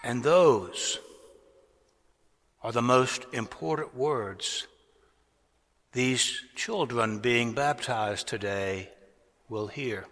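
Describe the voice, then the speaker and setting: A man preaching a sermon as a pastor, deliberate and rising to strong emphasis on key words. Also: medium pitch, a bit bright. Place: large cathedral. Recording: long cathedral reverb.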